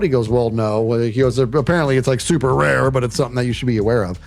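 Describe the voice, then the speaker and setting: Man, livestream storyteller, casual, animated, acts out quotes, mid pitch. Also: fairly quick, few pauses, faint music behind. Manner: animated, says "dude" and "bro" often, acts out quotes. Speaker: streamer telling a story.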